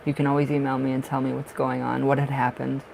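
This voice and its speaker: A man with a raspy smoker's voice doing tarot readings on a livestream, chatting in a rambling way and laughing often. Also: mid-range voice, monotone, fast talker, a little mellow, a little hiss or hum, poor audio. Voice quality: raspy from smoking. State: short of breath at times. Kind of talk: casual livestream chat.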